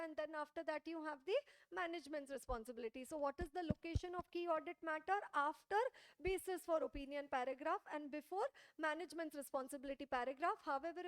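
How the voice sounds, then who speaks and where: Indian lady teaching audit, high voice, keeps going "you understand, no?". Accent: Indian English. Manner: checks understanding with frequent rhetorical questions. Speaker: audit lecturer. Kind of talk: classroom lecture.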